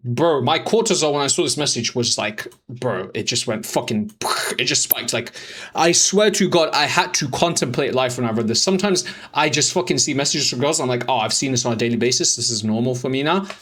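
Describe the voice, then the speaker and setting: A young man rattles through chat screenshots at a quick clip, in a middling-pitched voice. He mocks and swears freely as he explains his dating tactics to viewers. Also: fairly bright tone, husky. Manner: profane, mocking, rapid-fire banter. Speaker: dating coach. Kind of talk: voice-over commentary on chat screenshots.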